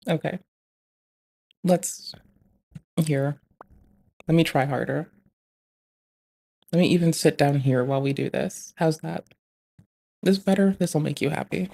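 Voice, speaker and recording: A man's voice: a little high, measured pace, creaky, pauses often, a little mellow. Rambling, swearing male streamer. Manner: rambling, swears a lot, jokey. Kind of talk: casual stream chat, reading messages. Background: faint backing track music.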